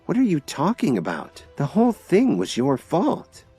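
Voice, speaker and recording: A man's voice: on the high side, wildly swooping pitch, moderate pace, dark tone, breathy edge, soft background music, voice pushed up, full character voice. A man doing a blunt young woman. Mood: worried.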